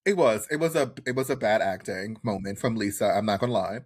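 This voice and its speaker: Animated, profane male podcast co-host. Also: fairly low pitch. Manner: animated, profane, quick to mimic others. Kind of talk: casual recap chat.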